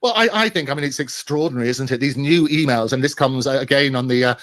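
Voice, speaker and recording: A man giving royal commentary on a news interview, speaking haltingly with many fillers and an indignant emphasis. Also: mid-range voice, a bit bright, no room sound. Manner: halting, full of uh fillers and restarts.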